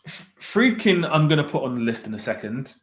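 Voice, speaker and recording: A man talks loosely to a live chat. He rambles, stops to correct himself and jokingly complains that his viewers have left him to decide. His pitch sits in the ordinary middle range. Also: very animated, brisk. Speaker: streamer ranking directors with live chat. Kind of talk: casual livestream chat.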